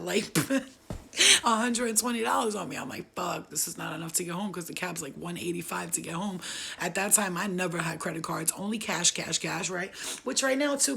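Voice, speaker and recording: A woman's voice: medium pitch, gravelly, fairly bright tone, a little hiss or hum. A young woman from upstate New York telling a wild true story in a profane, laughing, streetwise way. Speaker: vlogger. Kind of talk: casual storytelling.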